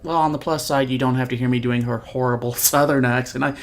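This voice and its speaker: Rambling let's-play host with vocal fry. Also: mid-range voice, steady tone, quick pace. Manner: rambling, chatty, self-deprecating. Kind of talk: casual gameplay commentary.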